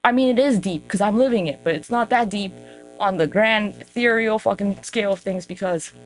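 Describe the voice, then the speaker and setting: A woman's voice: medium pitch, a little fast. A woman hosting her own podcast, rambling in a casual, profane, self-mocking monologue aimed straight at her viewers. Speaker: podcast host.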